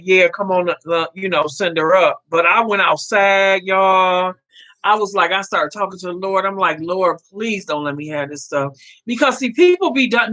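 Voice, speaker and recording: A woman's voice: mid-range voice, fairly bright tone. A woman, casually telling a story to her viewers, acting out the dialogue and laughing often. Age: 50s. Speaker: vlogger.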